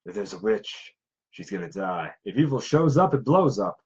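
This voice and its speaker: A cocky monster-hunting hero with a deep voice, as a man puts him on, drawing out slow, swaggering one-liners. The recording is dull and lo-fi, and his voice is husky and lively. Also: full character voice.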